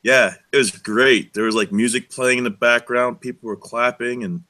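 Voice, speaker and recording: A man's voice: medium pitch, fairly even intonation, moderate pace, sharp tone. Guy cracking jokes n rambling on a live chat show, laid back. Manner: joking, rambling storyteller. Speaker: co-host. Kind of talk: casual podcast chat.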